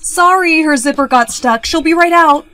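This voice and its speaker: Woman playing a bright helpful saleswoman. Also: fairly high pitch, animated, fairly quick, close to an everyday voice. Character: kind helpful young saleswoman. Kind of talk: TikTok POV skit acting.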